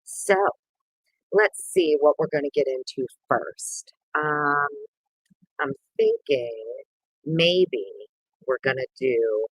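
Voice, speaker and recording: A woman's voice: slow pace, pauses often, slightly rough, no room sound, poor audio. A woman hosting a casual livestream, greeting viewers by name in a playful, sing-song way. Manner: bursts of sing-song and squeaky voices. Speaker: livestream host.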